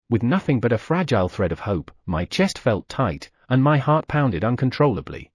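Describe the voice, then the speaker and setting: Husky, expressive male audiobook narrator. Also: mid-range voice, normal speed, hardly any pauses, no echo, studio quality. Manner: first-person, expressive.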